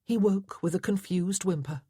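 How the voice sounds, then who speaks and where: A woman's voice: on the low side, moderate pace, dark tone, husky, no echo, clean studio sound. A woman narrating a historical romance audiobook in a dramatic, tense storytelling manner. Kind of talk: scripted narration.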